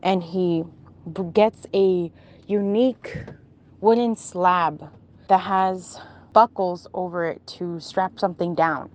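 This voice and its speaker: A woman casually recounting a strange dream, pausing often and restarting as she searches for words. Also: lowish voice, steady tone, darkish tone. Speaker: storyteller.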